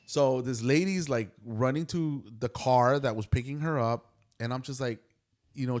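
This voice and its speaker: A man's voice: medium pitch, moderate pace. A young adult man on a podcast, casually telling a story about a day at work and acting out each quoted exchange. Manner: animated retelling, acts out quoted dialogue. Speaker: podcast co-host.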